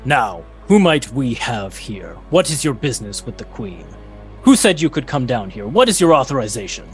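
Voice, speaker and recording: A man's voice: medium pitch, big pitch swings, soft background music, close to an everyday voice. A man voicing a suspicious, officious male guard ant who questions brusquely. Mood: demanding. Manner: brisk, interrogating, clipped.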